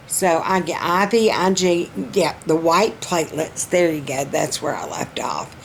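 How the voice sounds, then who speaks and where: A middle-aged woman with a warm Southern accent talks unhurriedly to her viewers, folksy and chatty, with many pauses and restarts. Her throat sounds strained as she goes on. A faint noise sits under the recording. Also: fairly low pitch. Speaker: vlogger. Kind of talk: casual personal update vlog.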